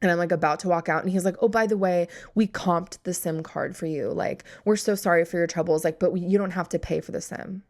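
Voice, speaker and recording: A woman's voice: fairly low pitch, fairly quick, few pauses, darkish tone. A young woman hosting a podcast, telling a story in casual chat, exasperated and sarcastic, swearing freely and acting out both sides of the conversation. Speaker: podcast host.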